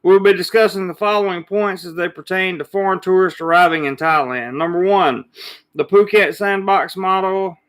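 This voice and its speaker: A man's voice: high voice, moderate pace, a bit bright. A man hosting a casual live chat, greeting viewers by name one after another before reading his topics. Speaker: livestream host. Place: Thailand.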